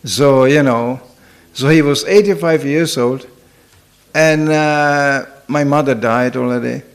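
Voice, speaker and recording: An older man, a spiritual teacher, gives a sermon built on funny stories, speaking slowly in a mid-range voice. He chats along, often saying "you know," and laughs at his own anecdotes.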